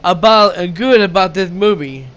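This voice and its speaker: A man's voice: sits high, normal speed. A young man rambling through a casual movie rant, swearing often, stumbling over his words and restarting. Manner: swears a lot, stumbles and restarts, laughs, shouts quoted lines. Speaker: movie reviewer.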